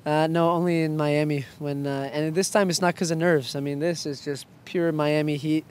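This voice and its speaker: A young man, a soccer player, answering quick-fire interview questions in a playful, joking way. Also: on the high side, fairly even intonation, darkish tone. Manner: playful, joking, self-mocking.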